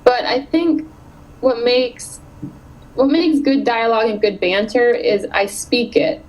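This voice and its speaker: A woman author in her thirties chatting in an interview, animated and quick to laugh. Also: on the high side, poor audio. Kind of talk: casual interview chat.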